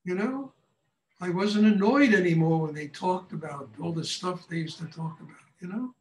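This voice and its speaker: An older man teaching a meditation class, telling stories in a blunt, animated way, often breaking into laughter. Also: high-pitched, normal speed, slight background noise. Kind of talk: storytelling lecture. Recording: echoey room, far from mic.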